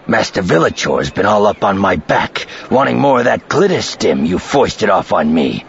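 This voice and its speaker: A man's voice: on the low side, big pitch swings, moderate pace, creaky, voice pushed up. A man voicing a gloating, threatening male enforcer who growls his lines, in a dull lo-fi recording. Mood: gloating menace.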